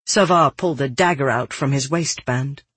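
An audiobook narrator reading a first-person fantasy story in a steady, earnest way. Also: medium pitch, moderate pace, breathy edge, dry recording.

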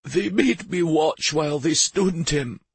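A man's voice: fairly high pitch, unhurried, no room sound, pitched above the performer's own voice, full character voice. A man doing a trembling, broken old king. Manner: trembling, hoarse whisper. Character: broken, starved older male king prisoner.

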